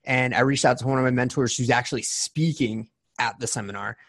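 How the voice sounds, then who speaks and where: A podcast host in his forties, with a mid-range, slightly bright voice and a somewhat quick pace, chats casually with an interview guest. He shares personal stories candidly, restarting his sentences often.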